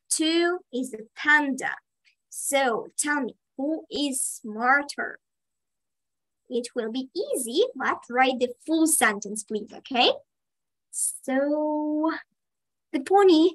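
A woman teaching an online lesson to children, slowly praising and encouraging their answers. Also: sits high, fairly bright tone, low-quality recording. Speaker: English teacher for kids. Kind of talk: online kids' English lesson.

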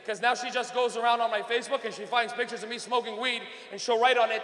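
A loud, profane male comedian performing stand-up on a club stage into a handheld mic. His voice sits high and bright for a man, and it rings with a long hall reverb. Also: steady tone, quick pace, slight background noise. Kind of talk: stand-up routine.

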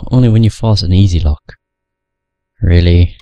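Deep, dark-voiced man rambling over gameplay. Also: a little slow, long pauses, dry recording. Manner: rambling, profane, stumbles over words. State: hiccuping. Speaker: gameplay commentator. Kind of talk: casual let's play commentary.

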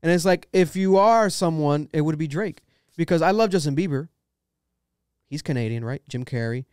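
Brief: young male podcast host, opinionated rambling rants, smooth clear voice, dry close sound. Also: a little high, moderate pace, a little mellow, no room sound. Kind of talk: casual podcast chat.

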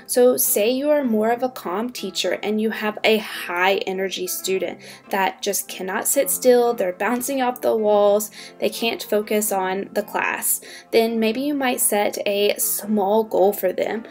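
An upbeat woman teacher talks fellow teachers through classroom tips in a clear, explanatory way. Her pitch sits in an ordinary middle range. Faint music plays quietly behind her. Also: a little slow. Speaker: online ESL teacher. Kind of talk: instructional talk to fellow teachers.

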